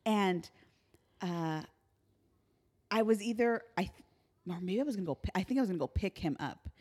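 A podcast co-host with a medium-pitched, slightly rough voice speaks at normal speed. In casual conversation she tells stories animatedly and laughs a lot.

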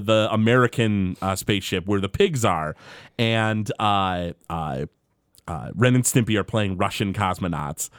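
A man's voice: medium pitch, dry recording, clean studio sound. A man co-hosting a casual podcast, chatty, with lots of "uh" fillers. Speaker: podcast co-host. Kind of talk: casual chat.

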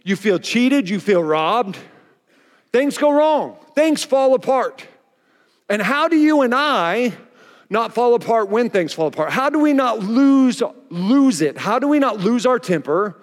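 A man's voice: high voice, measured pace. A male pastor preaching a sermon, telling stories and acting out the voices in them, recorded in a church hall. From Oklahoma. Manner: animated storytelling, acts out quotes. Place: church auditorium.

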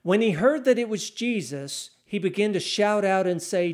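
A man's voice: high voice, normal speed, few pauses. A man preaching a sermon, reading scripture aloud and acting out the quoted cries with a raised voice. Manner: animated, acts out scripture quotes, raising voice for cries.

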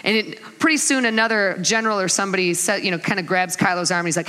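A woman's voice: mid-range voice, quick pace, clean tone, big-room sound. A middle-aged woman giving a sermon, telling stories with laughter and acting out voices, mother of kids. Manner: animated storytelling with laughs and acted-out voices. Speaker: speaker at a church talk.

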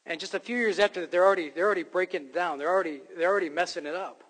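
A man's voice: high-pitched, rapid-fire, a bit bright, in a large hall. A man preaching a sermon, earnest and emphatic, often restarting his sentences with fillers. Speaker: pastor.

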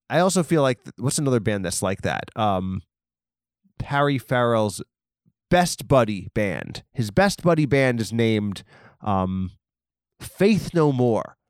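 A man doing a rambling comedic monologue, arguing with himself and bursting into loud high shouts. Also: clean tone, no room sound, clean studio sound. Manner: digressive, rambling, mock arguments with himself.

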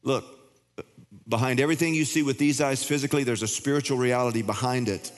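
A man's voice: mid-range voice, fast. An older man preaching a sermon as pastor in a casual, conversational way, often stumbling and restarting his words. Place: church sanctuary. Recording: long hall reverb.

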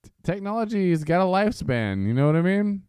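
A man co-hosting a casual podcast, relaxed and quick to laugh. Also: high voice, smooth, no room sound. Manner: laid-back, laughing, reactive. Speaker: podcast co-host.

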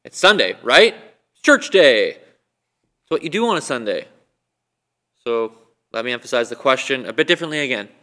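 A man's voice: mid-range voice, very animated, moderate pace, pauses often, bright, forceful tone. A man preaching a sermon in a conversational way, asking his listeners a string of questions. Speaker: guest preacher. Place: church, recorded for online viewing.

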